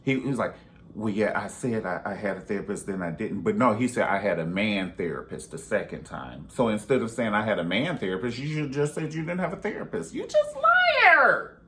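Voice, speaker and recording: Animated, sassy man with a lively voice. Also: fairly quick. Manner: animated and sassy, with big pitch jumps and sudden whispers. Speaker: reality TV commentator. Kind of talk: casual commentary vlog.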